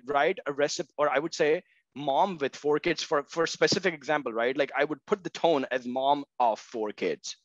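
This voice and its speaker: A man's voice: mid-range voice, no room sound, lo-fi sound. A man speaking as an interview guest in casual conversation, hedging with fillers and often asking "right?". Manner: many fillers, frequent "right?" checks. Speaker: guest, marketing tech co-founder.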